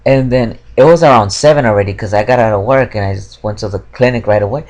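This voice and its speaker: A man's voice: fairly low pitch, fast talker, darkish tone. Young man, casual vlog story, rambling, swears a lot, frustrated. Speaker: vlogger.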